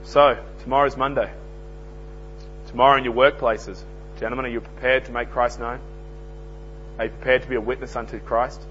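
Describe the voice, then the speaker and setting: A man preaching a sermon, swinging from loud emphasis to hushed lines. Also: medium pitch, little pitch movement, brisk, long pauses. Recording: dull lo-fi recording with faint mains hum.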